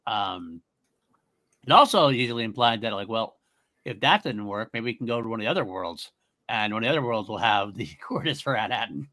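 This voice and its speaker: A man co-hosting a podcast, talking casually in a rambling, animated way and often correcting himself mid-sentence. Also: lowish voice, fairly quick. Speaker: podcast co-host.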